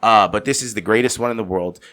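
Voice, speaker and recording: A young man co-hosting a podcast, rambling and excitable, swearing freely in casual chat. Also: fairly low pitch, quick pace. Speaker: podcast co-host.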